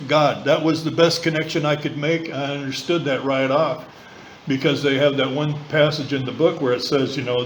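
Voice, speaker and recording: A man speaking at a recovery meeting, telling his story in a blunt, colloquial way with some swearing and quick impressions of other people. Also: a little high, fairly bright tone, slight background noise, rough recording. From southern California. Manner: mimics voices of others in quoted lines. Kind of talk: personal recovery talk. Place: meeting room.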